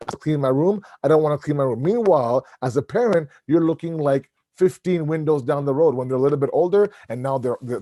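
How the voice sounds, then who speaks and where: A middle-aged man preaching to a congregation in a relaxed, storytelling way, slipping into the voices of his children and the doctor as he goes. His tone is mellow and warm, and the sound is close and dry, with little room echo. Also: fairly high pitch. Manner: storytelling, animated, acts out family dialogue. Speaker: speaker at a religious gathering. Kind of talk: conversational sermon. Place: mosque hall.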